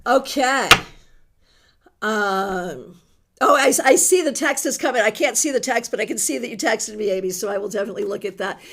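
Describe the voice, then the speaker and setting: A woman's voice: fairly high pitch, moderate pace, fairly bright tone, slight background noise. A middle-aged woman hosting a tarot livestream, chatting with viewers and reading their comments aloud with emotion. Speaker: tarot reader host.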